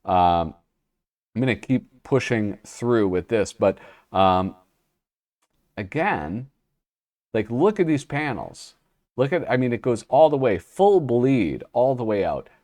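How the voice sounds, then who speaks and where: A man's voice: mid-range voice, sing-song, takes it slowly, pauses often, a little mellow. A man hosting a casual talk show, chatting and laughing at himself as he flips through an old magazine and reads bits aloud. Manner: chatty, laughing at himself, mock-dramatic reading. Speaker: podcast host reviewing old magazines. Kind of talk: casual commentary and reading aloud.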